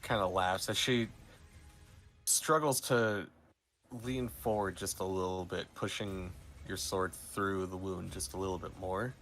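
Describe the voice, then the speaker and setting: A man running a tabletop game as game master, narrating the scene in a slow, low-key way. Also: steady tone, a bit bright, slight background noise.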